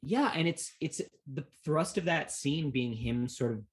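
Husky-voiced man in rambling film chat. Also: a little high, animated, a little slow. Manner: rambling, jokey, profane. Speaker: podcast co-host. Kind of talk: casual film discussion.

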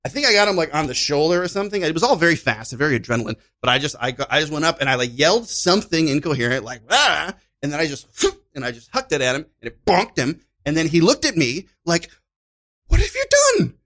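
Male storyteller, animated, acts out the voices in his anecdotes; pitch on the higher side. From Chicago. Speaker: podcast guest, improviser. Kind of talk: casual storytelling chat.

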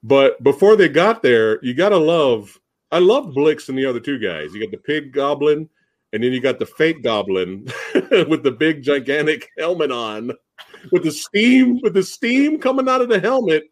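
A man hosting a podcast, chatting casually and excitedly about a movie, swearing freely and restarting his sentences. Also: on the high side, normal speed. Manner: excited, profane, lots of fillers and restarts. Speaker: podcast host. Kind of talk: casual chat.

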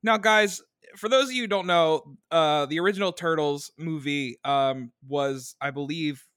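A man's voice: a little high, moderate pace, a bit bright, smooth, no room sound, clean studio sound. A man co-hosting a casual chat, laughing often and rambling through his stories. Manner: laughs a lot, rambling with restarts and fillers. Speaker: podcast co-host.

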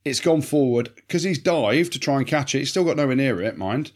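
Man, matey banter, casual rugby podcast talk, mid-pitch. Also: animated, brisk. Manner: matey, banter-heavy, swears. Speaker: podcast co-host.

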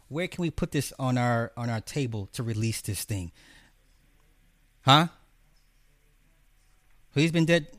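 A man's voice: on the high side, a bit bright, dry recording, studio quality. Profane, rambling man with a raised voice. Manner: profane, rambling, talks straight to viewers. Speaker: streamer reviewing a film. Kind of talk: casual opinionated film rant.

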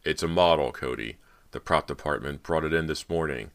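In an audiobook, a man voices a stern but gentle male film director, speaking low, soothing and firm, a little fast.

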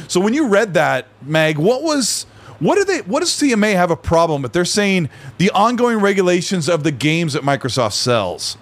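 A man with a slightly high voice hosts a casual podcast chat. He tells his stories animatedly, slipping into the voices of the people he quotes. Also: normal speed. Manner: animated storyteller, acts out quotes. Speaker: podcast host.

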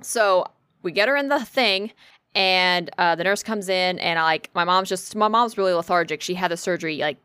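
A woman's voice: fairly low pitch, moderate pace, clean tone, no echo, studio quality. A woman telling a personal story in casual chat, blunt and full of swearing. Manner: blunt, heavily profane, animated storytelling.

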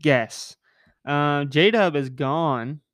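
A man's voice: fairly high pitch, a bit bright, no echo, studio quality. A man hosting a casual podcast, talking in a joking, rambling way with a nasal voice. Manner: joking, rambling, quick asides. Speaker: podcast host.

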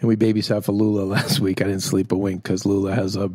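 A man's voice: on the low side, flat delivery, fast, warm tone, no echo, studio quality. Rambling, joking man co-host. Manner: rambling, self-mocking, jokey. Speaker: podcast co-host. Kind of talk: casual chat.

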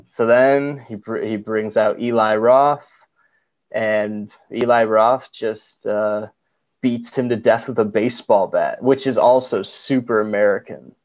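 A man's voice: lowish voice, steady tone, a little slow, highs cut off. A young man co-hosting a podcast, recapping a film scene in a rambling way full of "like"s. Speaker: podcast co-host. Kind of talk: casual film chat.

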